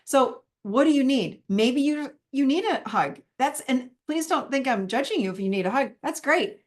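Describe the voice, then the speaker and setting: A woman's voice: sits high, expressive, normal speed. A woman teaching a live masterclass in a conversational way, acting out the little inner dialogues she has with herself. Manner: warm, conversational, acts out her own inner dialogue.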